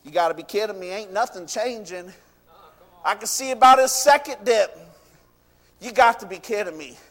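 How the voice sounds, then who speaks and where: A preacher voicing a proud, angry army commander who grumbles with scorn. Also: male voice, high-pitched, steady tone, moderate pace, a bit bright, voice pushed down. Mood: scornful. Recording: preached in a reverberant church hall.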